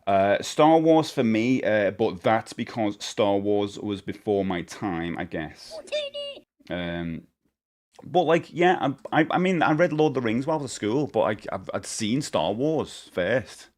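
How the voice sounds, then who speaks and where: A man's voice: fairly low pitch, expressive, measured pace, a little mellow. A man chatting casually on a live stream, rambling and joking, laughing often. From United Kingdom.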